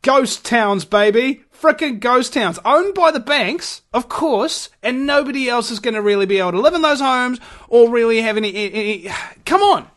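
High-voiced ranting New man. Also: expressive, moderate pace, fairly bright tone. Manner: rambling, heated, many restarts and fillers. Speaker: radio show host. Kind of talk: ranting monologue.

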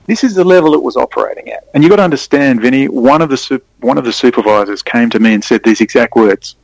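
A man rambling through his stories, prone to sudden excited bursts. His voice has a gravelly fry and sounds close and dry, with almost no room around it. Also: mid-range voice, fast, no room sound, low-quality recording. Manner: rambling, excitable storytelling with sudden animated spikes. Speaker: podcast guest. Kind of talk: casual conversation.

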